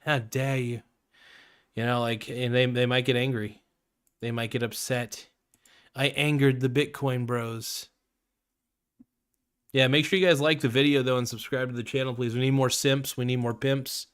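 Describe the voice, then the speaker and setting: A man's voice: medium pitch, flat delivery, moderate pace, fairly bright tone, smooth. A man hosting a podcast, ranting casually in a blunt, profane way and often cutting himself off mid-sentence. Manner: blunt, profane, self-interrupting. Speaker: podcast host.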